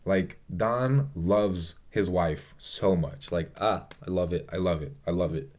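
Speaking at a measured pace in a low, darkish voice, a young man reviews a film he adores for his vlog. He gushes and rambles casually, swearing often and leaning on fillers.

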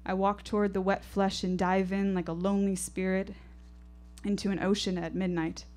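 A woman's voice: mid-range voice, level tone, moderate pace, darkish tone. A woman performing an intense, poetic first-person story live on a storytelling stage, with rhythmic delivery.

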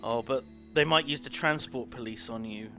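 A man in his thirties chatting on a live gaming stream, excitable and sweary with loud outbursts. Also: mid-range voice, moderate pace, faint music behind. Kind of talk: casual live-stream chat.

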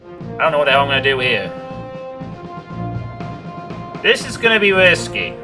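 Fast and mid-range, with big swings in pitch, a man streams a video game and talks through his moves, cursing and groaning at what happens. It's let's play commentary with game music behind him.

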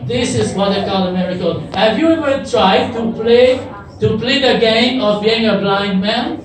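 An adult children's Bible teacher telling a story to kids in an animated way and asking them questions. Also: medium pitch, normal speed, crowd noise. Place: church event with children, in a hall. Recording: echoey hall from far off, noisy.

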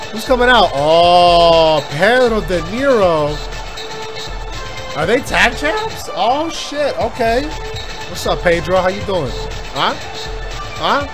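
Male gamer, fairly high voice, cursing and hyped, game music underneath. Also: slow pace, pauses often. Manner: excitable, profane, yelling at the game. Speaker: gaming YouTuber. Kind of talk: let's-play commentary.

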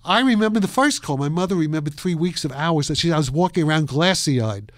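A man's voice: a little high, fast talker, no echo, studio quality. A man of about eighty from New York, an interview guest telling long, rambling stories with frequent laughs and restarts. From New York, USA. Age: around 80. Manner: animated, laughs often, trails off and restarts.

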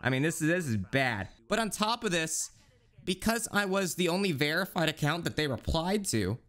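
A young man streaming live, chatting casually in profane, joking rants and now and then mimicking others in high squeaky voices. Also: big pitch swings, normal speed, a bit bright.

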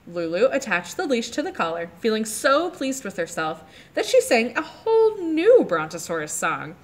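Animated woman reading to kids. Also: fairly high pitch, moderate pace, hardly any pauses. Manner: animated, asks the kids questions about the pictures. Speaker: librarian leading children's story time. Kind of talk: reading a chapter book aloud to children.

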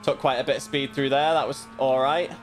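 A man talks through his sim race in a casual, muttering way, often picking at his own mistakes. His voice sits at an ordinary pitch. Faint music plays underneath. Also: fairly even intonation, fairly quick. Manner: self-critical, muttering asides. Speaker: sim racing streamer. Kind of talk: casual commentary while racing.

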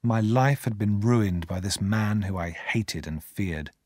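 A man narrating an audiobook in expressive storytelling fashion. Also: lowish voice, measured pace, no echo, clean studio sound. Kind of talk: scripted narration.

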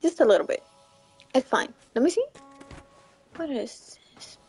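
A young woman chatting casually through a gameplay livestream, giggly and chatty, squealing when something excites her. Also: high voice, a little slow, creaky, husky. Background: faint game music.

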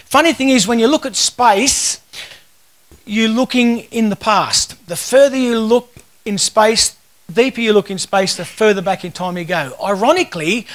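A man's voice: sits high, a bit bright. A man in his fifties with an Australian accent, giving a casual, joking conference talk full of stories. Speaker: conference speaker.

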